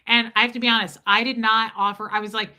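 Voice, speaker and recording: A woman's voice: on the high side, level tone, quick pace, bright, forceful tone. A young woman hosting a casual livestream, telling a rambling, joking story and swearing freely. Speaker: livestream host. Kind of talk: casual streaming chat.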